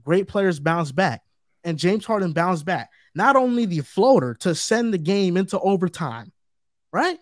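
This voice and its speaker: A man's voice: high-pitched, lively intonation, a little slow, no room sound, clean studio sound. A man co-hosting a sports debate show, talking emphatically and repeating his points for stress. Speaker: co-host.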